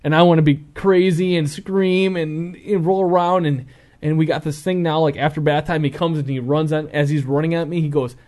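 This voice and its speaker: A man in his thirties chatting casually, telling animated stories about his young son and acting out bits. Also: a little high, normal speed, a little hiss or hum. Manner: animated storyteller, acts out scenes with shouts. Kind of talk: casual chat.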